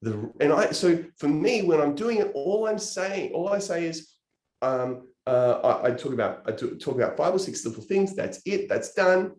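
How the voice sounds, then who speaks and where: A man's voice: on the high side, lively intonation, moderate pace, a little mellow, reverberant. Earnest man giving a sales pep talk. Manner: earnest, emotional, gestures with hands. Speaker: network marketing trainer.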